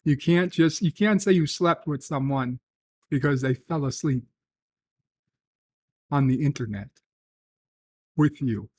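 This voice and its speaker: A middle-aged man hosting a casual livestream. He reads chat messages aloud, then answers softly with dry, rambling humor. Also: fairly high pitch, a little slow, long pauses, husky, no room sound. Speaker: livestream host reading chat.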